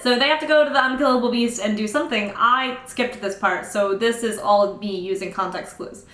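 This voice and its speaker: Young woman, sarcastic book recap, bright tense voice, echoey room. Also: on the high side. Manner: sarcastic, exasperated, acts out characters in quick asides. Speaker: book reviewer.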